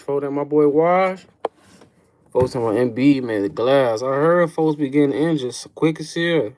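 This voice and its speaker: A man's voice: mid-range voice, darkish tone. A young man hosting a casual livestream, rambling in slangy, profane talk, calling everyone folks and answering chat questions. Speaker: livestream host.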